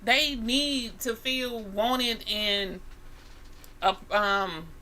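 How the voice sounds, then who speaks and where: A woman co-hosting a casual talk radio show, animated and talking over the others with mild swearing. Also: a little high, drawn-out words, slight background noise. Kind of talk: casual chat.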